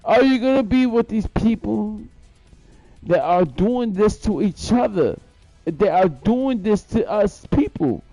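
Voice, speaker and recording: A man with a high, gravelly voice talks slowly and profanely, bragging and circling back over the same points in a loose live-stream monologue. The sound is dry and close, with faint music underneath. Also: animated, warm tone, no echo. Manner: profane, boastful storytelling full of repetition.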